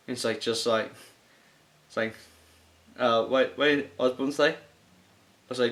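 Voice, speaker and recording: A man's voice: mid-range voice, takes it slowly, long pauses, bright, forceful tone. Rambling enthusiastic male movie reviewer. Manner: rambling, many fillers and restarts, enthusiastic. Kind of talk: casual rambling film ranking.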